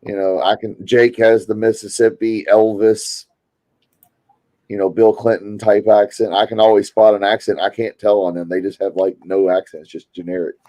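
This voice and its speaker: A man's voice: lowish voice, little pitch movement, normal speed, warm tone. A man with a Louisville Kentucky accent, chatting casually and rambling to his stream viewers. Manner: rambling, chatty, self-interrupting.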